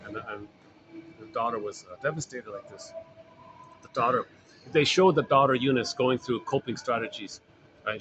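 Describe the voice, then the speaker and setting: This informal recorded talk features a man speaking about psychology at medium pitch, with noise in the background. His delivery wanders, circling back to the same phrases and leaning on fillers.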